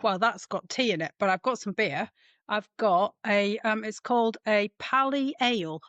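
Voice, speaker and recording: A woman's voice: medium pitch, normal speed, a bit bright, no room sound, lo-fi sound. A woman co-hosting a podcast, chatting in a teasing, playful way. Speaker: podcast co-host, former MP. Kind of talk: casual chat.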